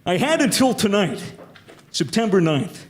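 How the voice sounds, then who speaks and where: High-voiced comic, deadpan. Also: male voice, a little slow. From United States. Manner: dark, deadpan joke delivery. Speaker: stand-up comedian. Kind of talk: stand-up comedy set. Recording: echoey room with loud crowd and noise.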